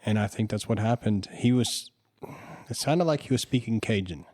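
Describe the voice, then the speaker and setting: A man's voice: lowish voice, moderate pace, darkish tone. A man, a guest on the podcast, telling a story in conversation in a plain, matter-of-fact way.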